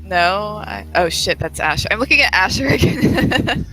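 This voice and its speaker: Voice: medium pitch, animated, normal speed, pushed and bright, faint music behind, rough recording. A player in a tabletop game chatting over a voice call, laughing and reacting with alarm. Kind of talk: casual chat while playing a tabletop game.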